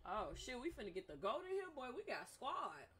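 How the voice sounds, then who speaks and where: A young woman live streaming a game, chatting casually with her squad, blunt and profane, breaking into loud laughs. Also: on the high side, wildly swooping pitch, a little fast. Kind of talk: casual gaming stream chat. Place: at home in a gaming chair.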